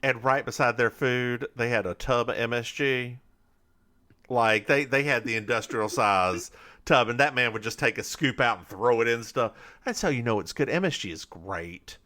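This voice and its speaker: A man co-hosting a casual podcast from North Carolina, recapping a TV episode in an animated storytelling manner. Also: mid-range voice. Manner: animated storytelling with quick put-on character voices. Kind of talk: casual chat.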